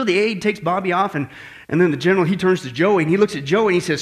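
A man's voice: high voice, fast talker. A male pastor preaching a sermon in a church, joking and telling stories as he goes. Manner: joking, lively storytelling preacher.

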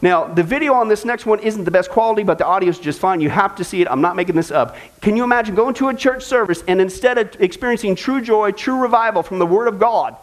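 A man's voice: sits high, fast talker, hardly any pauses. A man teaching a Bible study, mocking what he describes with sarcastic jokes and laughs at his own lines. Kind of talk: mocking sermon commentary.

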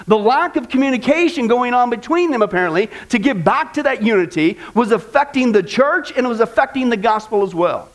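High-voiced earnest preacher, conversational. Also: male voice. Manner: earnest and conversational, addresses the congregation directly with humor. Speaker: pastor. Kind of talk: sermon.

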